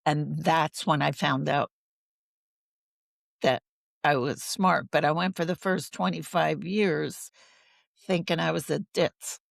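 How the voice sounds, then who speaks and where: A woman's voice: sits low, steady tone, takes it slowly, vocal fry, long pauses, no echo. A woman guest in a conversational interview, talking earnestly and thoughtfully and expanding her points with personal stories.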